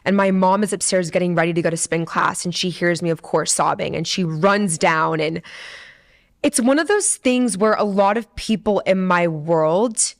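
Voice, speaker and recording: A woman's voice: on the low side, moderate pace. A woman in her twenties, a podcast host, telling a personal story in a candid, emotional, chatty way, full of fillers and the odd swear. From San Diego, USA. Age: 20s. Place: studio.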